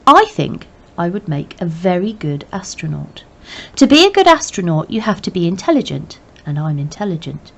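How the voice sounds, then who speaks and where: A woman reading a novel aloud in plain, measured first-person narration. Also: fairly low pitch, sing-song, vocal fry, fairly bright tone. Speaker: reader. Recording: dull lo-fi recording.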